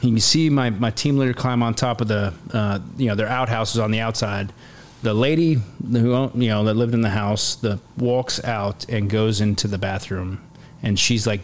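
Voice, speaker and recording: A man in his forties, an army command sergeant major appearing as a podcast guest, tells a war story in a casual interview. He's animated, acts out quotes, and uses many fillers and restarts. His voice is on the low side, with a slight hiss or hum.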